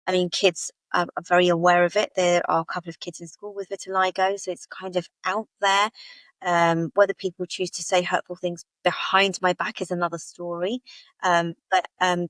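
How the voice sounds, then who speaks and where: Woman guest, halting heartfelt storytelling, repeats herself, dry close mic. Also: level tone, a bit bright, dry recording, low-quality recording. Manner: halting, repeats phrases, rises in pitch when retelling upsetting moments. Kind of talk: emotional personal storytelling.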